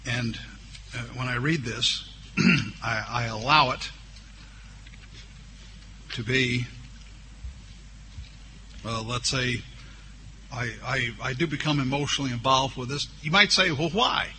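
Male preacher, slow and deliberate, bright voice; reads scripture and stretches out key words. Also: mid-range voice, a little hiss or hum. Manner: voices imagined objections from listeners. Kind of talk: sermon with scripture reading.

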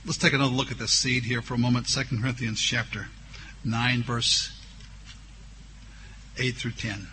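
A man preaches a sermon in a medium-pitched, pushed, bright voice with a steady tone, over a little hiss or hum. He reads scripture aloud, slowly drawing out key words and voicing the objections his listeners might raise.

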